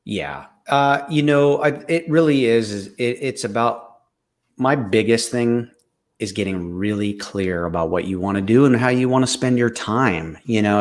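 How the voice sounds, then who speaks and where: Candid, emphatic man in casual talk. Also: on the low side. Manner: candid, animated, repeats phrases for emphasis. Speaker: co-host.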